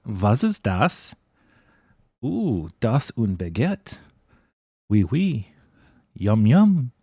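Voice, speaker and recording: A man's voice: fairly low pitch, sing-song, drawn-out words, mellow, breathy edge, no echo, studio quality, heavily acted. A man voicing a jokey, cartoonish French man in an exaggerated silly fake French accent, drawn out and hammy.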